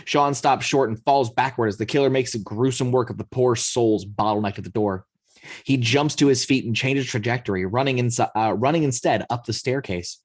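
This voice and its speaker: A man narrating the action lines of a screenplay read-through in a steady storytelling manner. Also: mid-range voice, brisk, dry recording. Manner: steady storytelling, occasional slips. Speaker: narrator reading action description.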